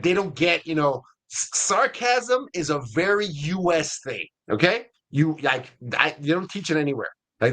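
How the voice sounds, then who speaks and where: Speaking as a webinar guest, this man, CEO of an ISA staffing firm, has a bright, forceful voice pitched on the high side. He talks in a relaxed, conversational way and keeps checking in with frequent "right?" and "okay?"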